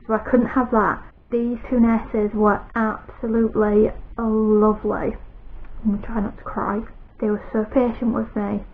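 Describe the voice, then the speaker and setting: A woman's voice: medium pitch, creaky. A British woman vlogging in casual chat to camera, telling her story in a rambling, anxious way. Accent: British English. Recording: tinny phone-like sound with faint noise.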